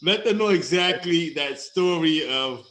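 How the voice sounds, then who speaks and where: A man in a casual chat, emotional and quick to laugh. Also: a little high, fairly bright tone. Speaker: host. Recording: echoey room with faint ambience.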